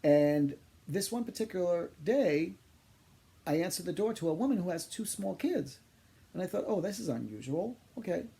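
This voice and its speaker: A man working as a psychic medium, telling funny personal stories in an animated, exaggerating way. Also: sits high, normal speed, creaky. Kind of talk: humorous personal storytelling.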